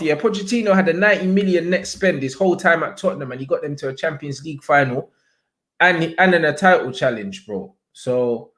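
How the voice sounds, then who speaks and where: Young man, slightly high voice, animated slangy livestream host. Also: a little fast. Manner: slangy, animated, shouts out viewers. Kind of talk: casual livestream chat.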